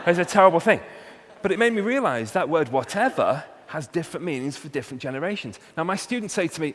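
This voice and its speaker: A man's voice: on the high side, animated, fairly quick. A man with a Welsh accent, a university researcher giving a humorous talk and hitting key words with punchy emphasis. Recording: long hall reverb, faint hum.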